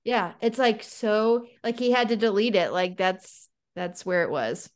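A woman co-hosting a podcast in casual chat, animated and sarcastic, with lots of "like". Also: medium pitch, a little slow. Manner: animated and sarcastic, heavy use of "like". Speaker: podcast co-host.

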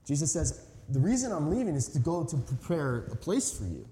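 A man's voice: on the high side, big pitch swings, fairly quick, warm tone. A man in his thirties preaching a sermon as a pastor, telling a story in a conversational, earnest way with emphatic stresses. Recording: echoey hall reverb.

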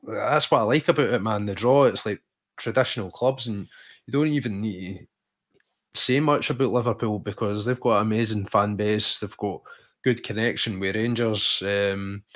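A man's voice: on the low side, moderate pace. A Scottish man co-hosting a podcast, chatting enthusiastically about football and calling his co-host "mate". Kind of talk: casual football chat.

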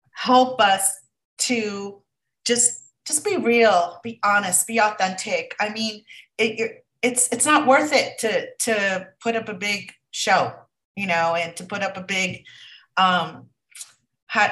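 A woman podcast host sums up her guest's points in a halting, casual way, searching for words. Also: medium pitch, a bit bright. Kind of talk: casual chat, summarizing. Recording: distant from the mic.

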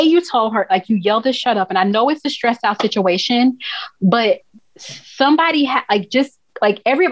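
A woman co-hosting a casual TV recap chat, talking in an animated, emphatic way and laughing often. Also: on the high side, no echo. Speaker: podcast co-host. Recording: dull, dry recording.

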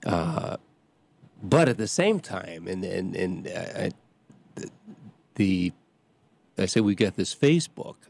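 A middle-aged man, a parish priest hosting a show, talking casually in a halting way with many restarts and fillers. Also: sits low, lively intonation, vocal fry, darkish tone, husky. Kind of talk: casual talk.

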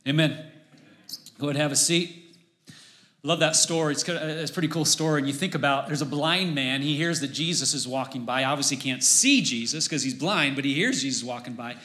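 A man preaching a casual sermon, conversational and animated, acting out voices as he retells a story. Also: a little high, a little fast. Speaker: pastor.

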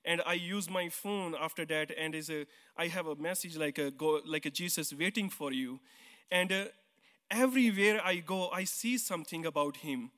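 A man's voice: fairly high pitch, normal speed, pushed and bright. Earnest Indian man testifying in church. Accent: Indian English. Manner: simple, earnest, non-native grammar, some hesitant restarts. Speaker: church member giving testimony. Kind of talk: personal testimony on stage. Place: church hall. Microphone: handheld mic. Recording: long reverb of a church hall.

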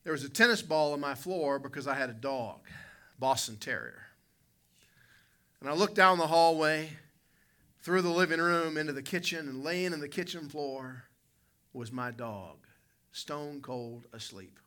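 Bright-voiced preacher telling a folksy story. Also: male voice, unhurried. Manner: folksy, vivid storyteller who addresses listeners by name; swings between loud emphatic lines and quiet low asides. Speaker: pastor. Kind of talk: sermon with personal storytelling.

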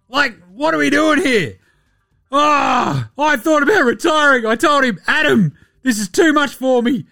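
A man's voice: extremely high pitch, sharp tone, no echo, studio quality. An Australian man hosting a basketball podcast, ranting in exasperation with heavy swearing and mockery. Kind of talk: ranting commentary.

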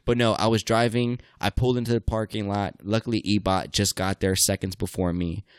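A man hosting a casual chat, telling a crude, profane story with lively energy. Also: lowish voice, a little fast, clean tone, dry recording.

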